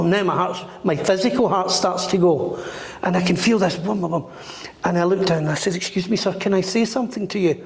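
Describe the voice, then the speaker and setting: Man, interview guest, lively storyteller, puts on voices, roomy echo, long reverb tail. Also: high voice, vocal fry. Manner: animated, acts out the voices in his stories. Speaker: psychic medium guest.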